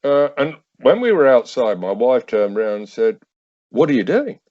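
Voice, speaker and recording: A man's voice: mid-range voice, big pitch swings, normal speed, a little mellow, dry recording, dull audio. A man in his fifties, a podcast guest and army veteran, telling anecdotes with wry, acted-out dialogue and hesitant restarts. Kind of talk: casual anecdotal storytelling.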